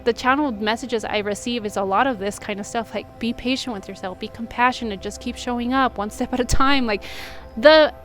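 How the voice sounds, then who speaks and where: A woman with a high, light voice talks through a candid personal vlog, earnest and emotional as she opens up. She works as a reader and healer and speaks in a confessional way. Faint music drifts in from somewhere nearby. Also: a little fast. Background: faint music from a neighbor.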